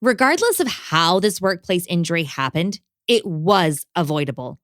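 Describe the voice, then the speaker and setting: A woman's voice: on the low side, moderate pace, hardly any pauses, no echo, clean studio sound. A woman hosting a podcast, reading scripted narration in a dramatic, storytelling way. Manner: dramatic, expressive storytelling read.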